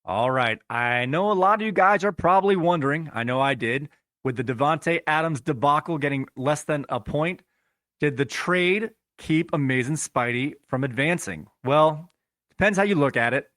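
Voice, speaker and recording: A man hosting a fantasy sports podcast in an upbeat, chatty tone, talking straight to his listeners. His voice sits a bit high for a man and sounds dry and close to the mic. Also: normal speed, a bit bright, no echo. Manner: upbeat, addresses listeners as guys. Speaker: podcast host. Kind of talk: casual podcast commentary.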